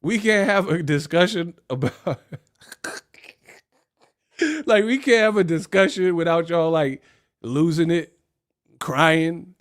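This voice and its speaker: A man's voice: a little high, takes it slowly, pauses often. A man hosting a casual livestream rant, talking in slang and laughing off his critics in a mocking, dismissive way. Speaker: livestream host.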